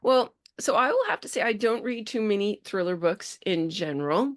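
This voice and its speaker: Chatty woman podcast host, low voice. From Bay Area, California. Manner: chatty, enthusiastic, halting restarts. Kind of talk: casual interview.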